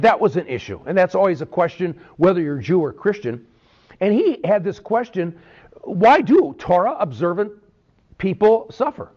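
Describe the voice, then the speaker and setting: A man teaching a Bible sermon in an animated way, often checking in with "okay?". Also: fairly high pitch. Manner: animated, peppers talk with "okay?". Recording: dull lo-fi recording.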